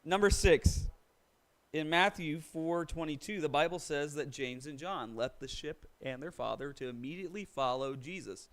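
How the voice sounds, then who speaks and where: A man leading a relaxed church Bible study, encouraging people and laughing easily. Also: on the high side, normal speed, low-quality recording. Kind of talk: casual class discussion.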